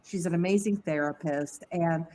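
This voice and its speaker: A woman telling a candid personal story on a podcast, lively and quoting others in her tale. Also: lowish voice, moderate pace, a little hiss or hum, rough recording. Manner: candid, animated, mimics voices in quotes. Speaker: podcast guest. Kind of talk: casual storytelling.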